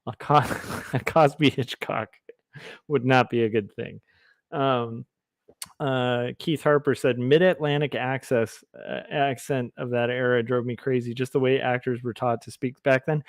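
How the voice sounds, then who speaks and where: A man's voice: mid-range voice, fairly even intonation, unhurried, no echo. A man streaming while he draws comics, chatting casually, reading chat aloud and rambling in a goofy, self-deprecating way. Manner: goofy, rambling, reads chat aloud, tries silly voices. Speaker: comic artist livestreamer.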